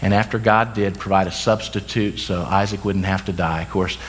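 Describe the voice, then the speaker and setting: Tired pastor preaching casually, low voice. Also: male voice, steady tone, a little hiss or hum. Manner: conversational preaching, quick asides and self-corrections. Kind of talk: sermon.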